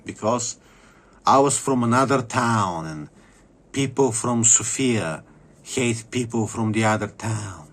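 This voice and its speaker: A man's voice: medium pitch, animated, takes it slowly. A man delivering an angry, profane vlog rant, bitter and repeating phrases for emphasis. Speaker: vlogger. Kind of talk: angry ranting monologue.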